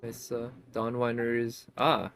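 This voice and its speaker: A man's voice: medium pitch, completely flat delivery, measured pace, fairly bright tone, faint music behind. A man giving casual gameplay commentary as a streamer, chatty and thinking aloud, often laughing. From United States.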